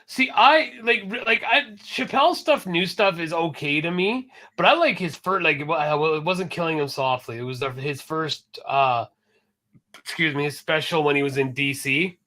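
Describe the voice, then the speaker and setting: A man co-hosting a casual podcast, talking in an animated way and swearing freely. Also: a little high, normal speed. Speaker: podcast co-host.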